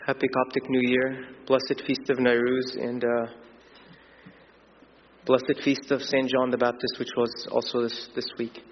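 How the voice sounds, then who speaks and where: A man's voice: medium pitch, monotone, a little slow, slight background noise. A man preaching a sermon in a church, earnest and explaining, with fillers and restarts. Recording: dull sound in a long reverberant church hall.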